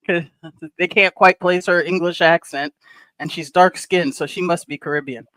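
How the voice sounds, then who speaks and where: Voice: mid-range voice, steady tone, normal speed, a bit bright, dry recording, low-quality recording. A panel guest in a casual chat, animatedly retelling TV scenes.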